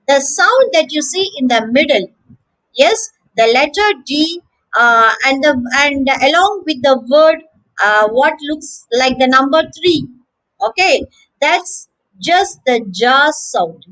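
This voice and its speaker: A woman teaching English pronunciation, saying each word slowly and several times with clear syllable stress. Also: high voice, animated, fairly bright tone, poor audio. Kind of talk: slow, careful pronunciation lesson.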